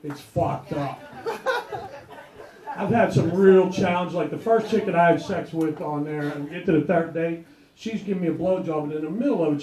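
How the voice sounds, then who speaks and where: A man's voice: high-pitched, darkish tone. A man performing a crude stand-up comedy set, telling rowdy stories with punchlines. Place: comedy club stage before a live audience. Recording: echoey club with audience laughter.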